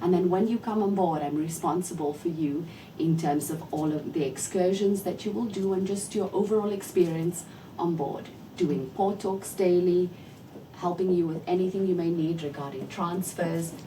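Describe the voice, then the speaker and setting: A polite, articulate woman guest who explains things fully and warmly formal. Her voice is somewhat low. The sound is distant, with a clear rumbling noise behind her. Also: normal speed. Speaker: cruise manager, interview guest. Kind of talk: interview.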